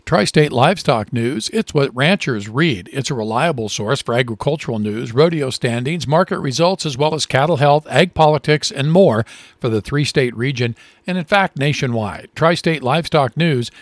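A man co-hosting a radio show, reading ads and telling a joke with animated delivery. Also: mid-range voice, normal speed, no room sound. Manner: lively, animated storytelling.

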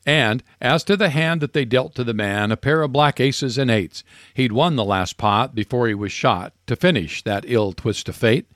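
A man hosts a radio program and recites rhyming cowboy verse with a steady, measured cadence. His voice sits in a middle register. The sound is close and dry, with no room echo. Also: mid-range voice. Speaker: radio host. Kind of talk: reciting cowboy poetry and reading ads.

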